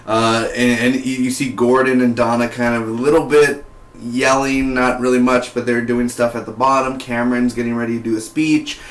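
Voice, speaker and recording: A man's voice: medium pitch, little pitch movement, normal speed, roomy sound. A man giving a casual spoken review of a TV series, rambling and full of "like" and "you know".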